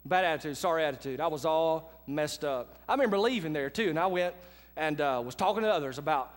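A man preaching a sermon as pastor, talking to the congregation like a friend and swinging between quiet asides and loud, emphatic lines. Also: fairly high pitch, expressive, quick pace, in a large hall. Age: adult with children.

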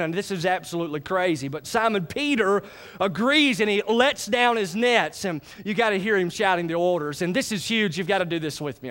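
Animated pastor with a high voice. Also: male voice. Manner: animated, folksy, repeatedly checks in with congregation. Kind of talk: sermon.

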